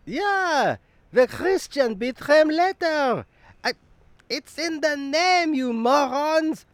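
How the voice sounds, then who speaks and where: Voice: high-pitched, no room sound, exaggerated voice. A performer voicing a male Jesus figure who keeps cutting in with exasperated protests. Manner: keeps interrupting with "oi", pleading.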